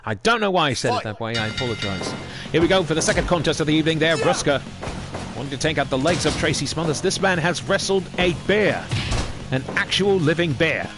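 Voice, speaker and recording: A man giving theatrical, excitable play-by-play wrestling commentary. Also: on the high side, fairly quick, over music. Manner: excitable, theatrical announcer delivery.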